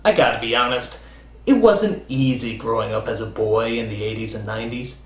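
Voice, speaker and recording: A man hosting a comedic countdown review. He is sarcastic and animated, with quick comic asides. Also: medium pitch. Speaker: host and critic. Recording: roomy studio with faint music.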